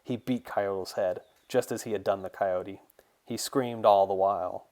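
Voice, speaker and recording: A man, the author, reading his fantasy novel in a steady, measured storytelling voice. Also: lowish voice. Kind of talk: audiobook narration.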